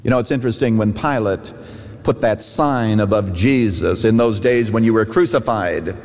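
A middle-aged man, a pastor, preaching a sermon with emphatic rises and falls in pitch. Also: moderate pace, darkish tone. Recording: long hall reverb.

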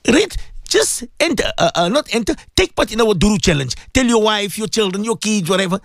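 A man's voice: high voice, sing-song, fairly quick, no echo, clean studio sound. A man preaching on the radio, impassioned and pleading, repeating his points. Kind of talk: radio sermon.

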